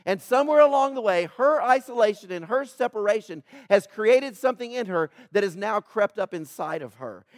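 High-voiced male pastor preaching emphatically. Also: dry recording, studio quality. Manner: emphatic preaching with swings between loud build-ups and hushed asides; addresses the congregation directly, calling for responses. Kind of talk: sermon. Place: church, in front of a congregation.

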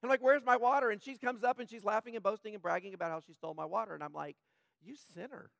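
A man with a high, slightly rough voice preaches to his congregation. He stays conversational, drifting into joking asides. The sound is dry and close, with no room around it. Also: expressive, rapid-fire, a bit bright, no room sound. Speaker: pastor. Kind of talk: sermon.

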